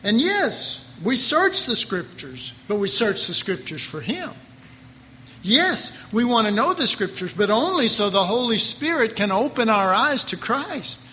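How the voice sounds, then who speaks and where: A man's voice: high-pitched, big pitch swings, a little slow, bright, forceful tone, big-room sound, a little hiss or hum. A man preaching a Bible class in a folksy, conversational way, with chuckling asides. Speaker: Bible teacher. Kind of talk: sermon.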